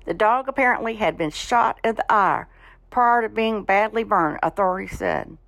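A woman reading news stories on a radio show in a matter-of-fact, steady way. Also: medium pitch, normal speed, gravelly, no echo.

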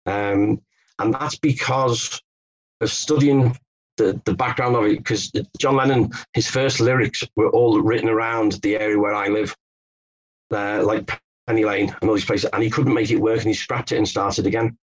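A man's voice: fairly low pitch, fairly even intonation, moderate pace, dull audio. A man from England, a guest author telling stories in an interview, hesitant with many restarts. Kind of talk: conversational interview.

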